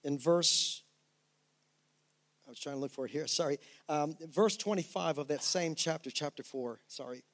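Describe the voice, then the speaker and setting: A middle-aged man, a pastor, preaching a sermon and telling a personal story with lively, animated restarts. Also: a little high, moderate pace.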